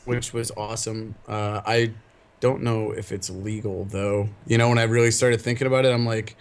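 A man co-hosting a podcast who tells rowdy stories in a loud, giggly, casual chat. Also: on the low side, fairly even intonation, moderate pace, smooth. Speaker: podcast co-host.

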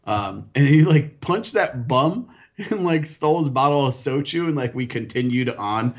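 A man's voice: medium pitch, lively intonation, moderate pace. A man co-hosting a podcast, telling crude, jokey stories and laughing often in casual chat. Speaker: podcast co-host.

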